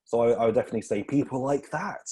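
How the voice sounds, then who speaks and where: A comedian guest talks loosely over a video call, wandering through his points with plenty of ums and quick laughs. He is a British man with a middle-pitched voice, chatty and easygoing. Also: mellow, slight background noise. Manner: rambling, filler-heavy, laughs often. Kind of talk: casual podcast interview.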